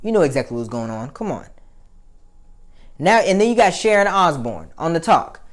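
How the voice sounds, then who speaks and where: A woman's voice: low-pitched, very animated, moderate pace. A young adult woman, hosting a casual opinion commentary, blunt and heated, often profane, with many fillers. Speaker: commentary show host.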